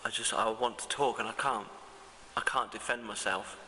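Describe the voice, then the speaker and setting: A man speaking as a medium on a ghost hunt, halting and fervent, with many restarts. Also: fairly low pitch, steady tone, sharp tone, big-room sound, a little hiss or hum, rough recording. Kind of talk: emotional first-person reflection.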